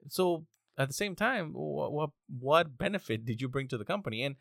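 A man's voice: a little high, animated, moderate pace, gravelly, fairly bright tone, no echo, clean studio sound. A young man hosting a casual, rambling monologue, exasperated and swearing often. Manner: exasperated, profane, rambling with restarts.

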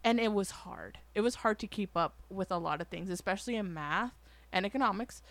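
Animated woman telling stories casually. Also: mid-range voice, brisk, no room sound. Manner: animated, acts out quoted voices, swears casually. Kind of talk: casual storytelling chat.

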